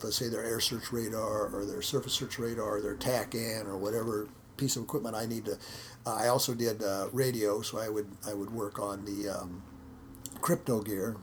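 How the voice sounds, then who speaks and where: A man's voice: on the low side, a little hiss or hum. A man, a martial arts instructor, telling stories in a casual interview, repeating words and acting out quotes. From United States.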